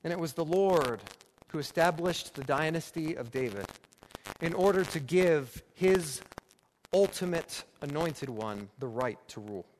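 Higher-voiced man preaching in a reverberant room. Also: lively intonation, measured pace. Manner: emphatic, repeating phrases for rhetorical build. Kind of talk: sermon. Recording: long reverb with faint background noise.

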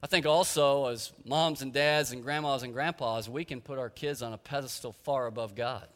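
A pastor preaches a sermon in a church sanctuary, his medium-pitched, slightly bright voice moving at normal speed. He is earnest and emphatic, using rhetorical questions, and the hall echoes with long reverb.

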